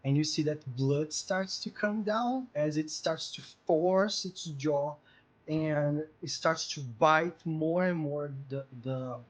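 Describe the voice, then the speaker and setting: A man running a tabletop role-playing game as game master, narrating vividly with pauses and fillers. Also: on the high side. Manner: vivid, pausing with fillers, acts out voices.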